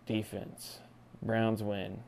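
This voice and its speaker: A man in his thirties doing a comedic sports rant as a podcast segment host, swinging between shouts and hushed lines. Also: on the low side, little pitch movement, extremely slow, vocal fry, slight background noise. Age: 30s.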